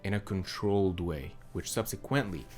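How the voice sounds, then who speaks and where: Man, young adult, voice coach, low pitch, calm, measured, instructional. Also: soft background music. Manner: calm, measured teaching delivery. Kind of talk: instructional explainer.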